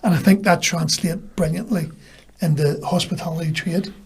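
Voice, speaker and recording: A Northern Irish man from Belfast guests on a podcast, speaking at normal speed in a fairly high, husky voice with a steady tone. He tells casual anecdotes and plays out the quoted lines people said to him.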